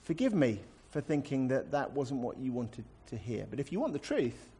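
A defiant prophet drips with mock courtesy, as a preacher puts him on, leaning hard on the irony. The stays clear, and the delivery is a sermon retelling. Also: male voice, medium pitch, sing-song, moderate pace, warm tone. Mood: sarcastic. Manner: mock-polite, sarcastic. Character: sarcastic biblical male prophet, defiant.

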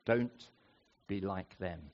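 A man preaching a sermon, slowing down and rising in pitch to stress key points. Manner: expressive, rising for emphasis and slowing on key phrases. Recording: dull lo-fi recording.

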